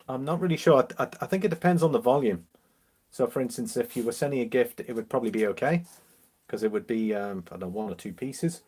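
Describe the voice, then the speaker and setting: A man from Liverpool with a mixed English accent, mildly Liverpool, hosting a relaxed, casual live-stream chat and answering viewers. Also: medium pitch. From Liverpool, England. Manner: chatty, relaxed, reads out viewer comments with easy laughs.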